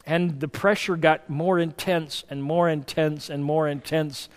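A man preaching a sermon, moving between a loud reading of scripture and soft, hushed asides, and telling folksy stories in a conversational way. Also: on the high side, fairly even intonation, measured pace, big-room sound. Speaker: pastor. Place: church hall.

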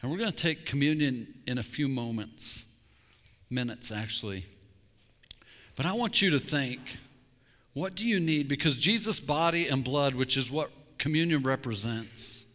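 A middle-aged man, a pastor, preaching a sermon with candid, intense confessional asides, dropping to a hush on key words. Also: medium pitch, expressive, unhurried. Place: church sanctuary. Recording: long hall reverb.

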